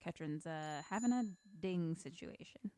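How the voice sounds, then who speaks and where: A woman co-hosting a podcast in casual chat, making quiet, deadpan asides and jokes, on a remote call. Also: deep voice, unhurried, no room sound. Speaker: podcast co-host. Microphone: remote call setup.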